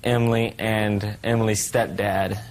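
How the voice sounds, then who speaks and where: A man's voice: lowish voice, flat delivery, unhurried, a little hiss or hum. A young man testifying in court, giving terse, mumbled short answers. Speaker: litigant.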